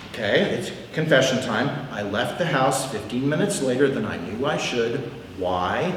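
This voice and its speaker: A man's voice: mid-range voice, recorded from a distance, slight background noise. Candid man teaching in an echoey hall. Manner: candid, self-deprecating, repeats words as he thinks. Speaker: prayer class teacher. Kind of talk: informal teaching talk. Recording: echoey hall, long reverb.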